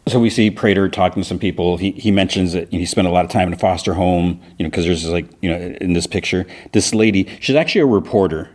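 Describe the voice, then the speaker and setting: A man's voice: deep voice, fast, hardly any pauses, a little mellow. A man hosting a podcast, casually recapping a TV episode in a rambling way, full of restarts and "he's like". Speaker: podcast host.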